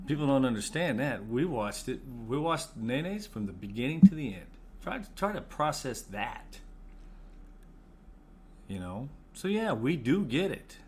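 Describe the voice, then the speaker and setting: A man's voice: medium pitch, big pitch swings, measured pace, darkish tone, a little hiss or hum. A man in casual conversation, co-hosting, talking bluntly and arguing his point, swearing now and then. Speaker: co-host, bereaved father. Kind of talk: casual chat.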